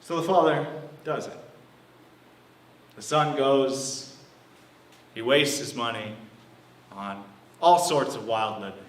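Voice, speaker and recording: A man preaching a sermon as pastor, telling a story with lively acted-out voices. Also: on the high side. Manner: animated storytelling, acting out quoted voices. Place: church hall. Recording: echoey room, from a distance.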